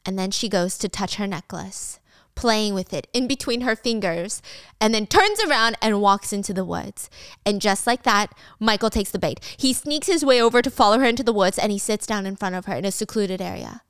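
A woman's voice: mid-range voice, expressive, a little fast, fairly bright tone, clean tone, no room sound, studio quality. A young woman retelling a drama in a casual, chatty way, with slangy asides and frequent laughs. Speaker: drama recap host. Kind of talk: casual storytelling recap.

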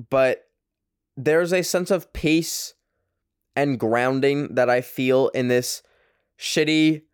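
Smooth-voiced young man rambling casually. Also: medium pitch, no room sound, clean studio sound. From Canada. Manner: rambling, profane, heavy on fillers. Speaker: podcast host. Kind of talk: casual monologue. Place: small apartment bedroom.

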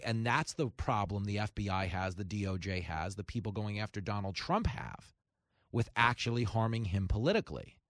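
A man's voice: mid-range voice, no room sound, studio quality. A man hosting a radio talk show, delivering a heated, sarcastic opinion monologue. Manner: heated, sarcastic, mocking voices of opponents.

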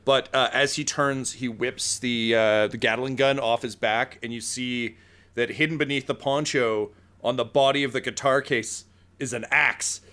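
A man's voice: mid-range voice, steady tone, normal speed, bright, forceful tone. A man running a tabletop role-playing game, narrating loosely with jokes and fillers. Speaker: game master.

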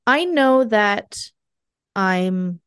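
A woman's voice: medium pitch, extremely slow, clear, resonant tone, dry recording, studio quality. A woman guest on a podcast, chatting casually and telling stories with animation and frequent laughter. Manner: animated storytelling, laughs often. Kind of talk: casual chat.

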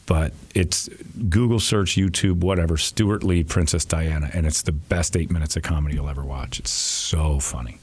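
A man's voice: very deep voice, moderate pace, few pauses, slightly rough. A middle-aged man, a radio host, telling rambling, profane, self-deprecating stories in casual chat.

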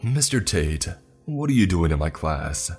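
A man's voice: sits low, normal speed, faint music behind, close to an everyday voice. A man voicing an amused middle-aged male professor who talks in a dry, challenging, sarcastic way.

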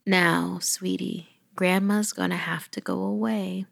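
A woman voicing a frail elderly grandmother who speaks softly, solemnly and firmly. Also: fairly low pitch, steady tone, takes it slowly, gravelly, heavily acted. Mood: solemn tender. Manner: soft, solemn, firm. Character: frail elderly grandmother, stern yet loving.

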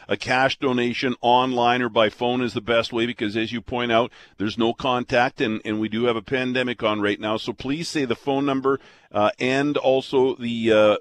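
A male radio talk show host with a middle-pitched voice. He speaks conversationally and keeps things moving with prompting questions. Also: fairly bright tone. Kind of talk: radio interview.

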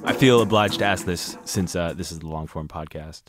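A man hosting a podcast interview, asking questions and dropping in wry, relaxed remarks. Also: deep voice, brisk, over loud music. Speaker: podcast host. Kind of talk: casual interview conversation.

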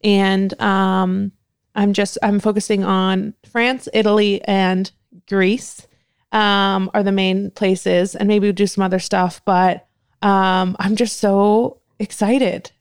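A woman's voice: medium pitch, level tone, slow, clean tone, no echo, clean studio sound. A young woman from California, chatting casually and bubbly as a podcast co-host, laughing often. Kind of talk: casual chat.

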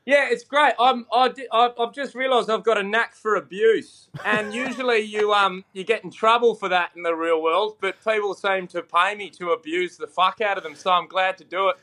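A man's voice: sits high, moderate pace, hardly any pauses, pushed and bright. A young Australian man with an Australian accent, a comedian guest chatting crudely and laid-back, swearing heavily. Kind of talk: casual podcast chat.

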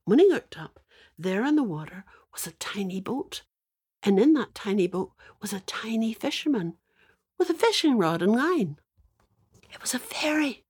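An older woman with a Northern Irish accent telling a fairy tale to children in a lively, dramatic way. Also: mid-range voice, normal speed, breathy edge. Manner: lively, dramatic, playful asides. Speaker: storyteller. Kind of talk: storytelling to children.

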